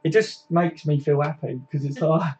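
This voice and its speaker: A man's voice: on the high side, normal speed, darkish tone, breathy edge, lo-fi sound. A young man hosting a casual live stream, chatting and reading out viewer comments, with lots of tag questions and "mate". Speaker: fan channel host.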